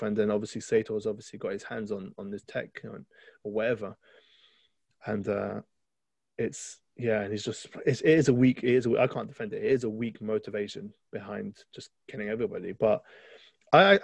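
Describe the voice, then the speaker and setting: A man's voice: lowish voice, a little fast, gravelly, breathy edge, dry recording. A man co-hosting a podcast, chatting casually and enthusiastically about a film, rambling with restarts. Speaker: podcast co-host.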